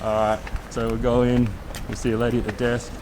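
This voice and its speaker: A man's voice: medium pitch, completely flat delivery, brisk, heavy background noise. A young man, a boat captain hosting a sailing vlog, telling a long, exasperated story with lots of restarts. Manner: rambling, exasperated retelling with many restarts. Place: on a sailing yacht.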